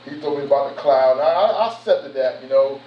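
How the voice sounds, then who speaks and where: A man's voice: medium pitch, fast talker. Male preacher, casual slangy sermon, muffled distant recording. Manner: animated, conversational street slang. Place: church sanctuary. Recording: echoey room from far off, muffled.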